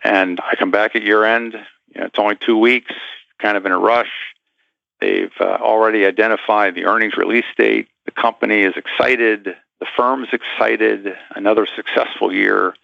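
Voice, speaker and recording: A man's voice: fairly low pitch, fairly even intonation, normal speed, creaky, no room sound, lo-fi sound. A man guest in an interview, telling a story with animation and acting out the voices of the people in it.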